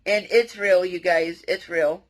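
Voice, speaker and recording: A woman speaking directly to her viewers in a personal confessional vlog, earnest and halting, often restarting her sentences. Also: lowish voice, fairly even intonation, poor audio. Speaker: vlogger.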